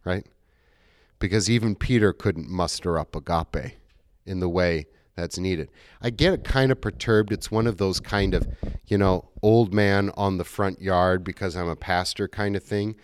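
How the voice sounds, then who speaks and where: A man's voice: low-pitched, measured pace, smooth. A middle-aged male pastor giving a conversational sermon, acting out quoted dialogue as he goes.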